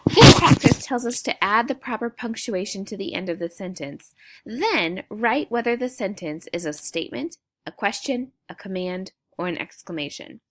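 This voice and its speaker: A woman teacher explaining a grammar lesson to young students in a clear, patient way. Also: mid-range voice, lively intonation, normal speed.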